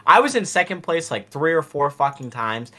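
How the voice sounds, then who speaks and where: A man's voice: fairly high pitch, big pitch swings, normal speed, pushed and bright. A man co-hosting a casual podcast, ranting in an exasperated, profane way. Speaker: podcast co-host.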